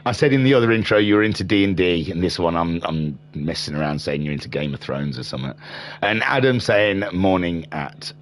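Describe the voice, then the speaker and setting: A man's voice: deep voice, a little fast. A man giving live sim racing commentary as the channel's host, rambling and joking as he reads out viewer chat between races. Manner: excitable, rambling, jokey. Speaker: race commentator and streamer.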